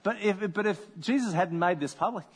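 A man with a high voice delivers a sermon in a conversational, storytelling way. His voice carries a long reverb, as if he is speaking in a large hall. He sometimes slips into the voices of the people in his story. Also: fairly quick, husky. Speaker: pastor.

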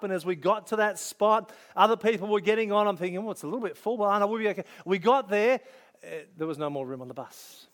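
A middle-aged pastor with a high-pitched voice tells stories from the pulpit. He talks in a chatty, conversational way and acts out his own thoughts as he goes. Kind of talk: sermon with personal story.

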